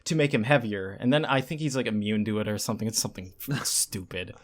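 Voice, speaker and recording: A man's voice: lowish voice, fast talker. A man on a podcast casually recapping a manga for his co-hosts, acting out character lines as he goes. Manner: animated storytelling, acts out character lines. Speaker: podcast co-host.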